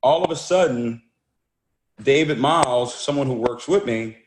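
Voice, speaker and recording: A man's voice: mid-range voice, normal speed. Guy giving a pumped-up motivational talk, keeps restarting his sentences, mid-range voice, kinda echoey room. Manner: energetic, repeats words and restarts phrases. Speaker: motivational speaker. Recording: roomy echo.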